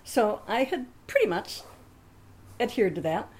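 A woman's voice: mid-range voice, very animated, unhurried, darkish tone, a little hiss or hum. A woman telling a personal anecdote in a chatty way, laughing often and acting out the other people in her story.

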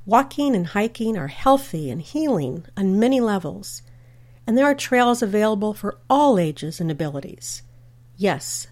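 A woman's voice: mid-range voice, a little mellow. A woman hosts a scripted radio segment, reading out upcoming events. Between the listings she slips into chatty family anecdotes. Her delivery stays friendly and conversational. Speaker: radio host.

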